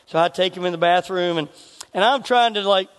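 A middle-aged man, preaching a sermon as pastor and telling stories with animated asides. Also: sits high, brisk. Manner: storytelling, animated, chuckling asides. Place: church sanctuary. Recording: long reverb of a church hall.

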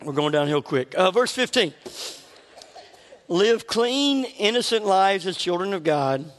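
A man's voice: high voice, lively intonation, measured pace. A middle-aged man preaching a sermon in a church, conversational and joking at his own expense. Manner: conversational, joking, laughs at himself. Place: church sanctuary. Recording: long reverb of a large hall.

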